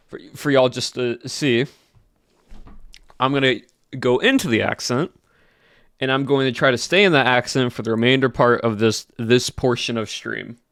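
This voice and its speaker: A man's voice: medium pitch, moderate pace, pauses often, fairly bright tone, no room sound. A young man chatting casually to his livestream audience, rambling and restarting his sentences. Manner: rambling, self-correcting restarts. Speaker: streamer.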